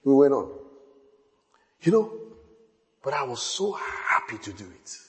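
A middle-aged man preaching a sermon as pastor, telling stories with repetition, sudden loud high outbursts and quiet hushed asides. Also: big pitch swings, unhurried. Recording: long hall reverb.

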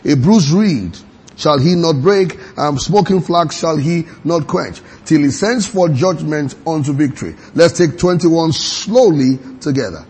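A man preaching a sermon, reading scripture aloud slowly and quizzing his congregation with repeated questions. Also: a little high, expressive, darkish tone, husky.

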